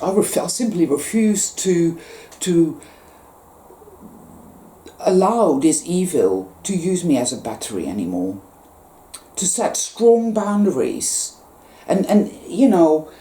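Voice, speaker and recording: A woman with a low, mellow voice delivers an intense spiritual monologue. Her pitch swings widely as she presses each point with emphatic repetition and blunt swearing. The room around her gives a roomy echo. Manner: intense, emphatic, swears freely, repeats phrases. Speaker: spiritual vlogger.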